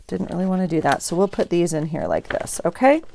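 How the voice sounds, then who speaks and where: A woman's voice: fairly low pitch, big pitch swings, a little fast, gravelly, a little mellow, no echo. A woman vlogger chatting casually at her craft desk, thinking aloud as she journals and opens mail. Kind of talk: casual chat while journaling.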